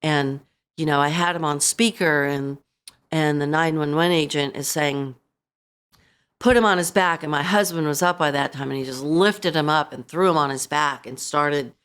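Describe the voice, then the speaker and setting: A middle-aged woman, a podcast guest, telling a painful personal story in a halting way, full of "you know" and re-enacted lines. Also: low voice, steady tone, a bit bright, clean tone. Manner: halting, full of you-knows, re-enacting her own words.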